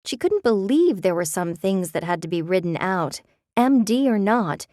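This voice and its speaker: A woman narrating a romance audiobook in a measured, expressive way. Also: medium pitch, no echo, clean studio sound.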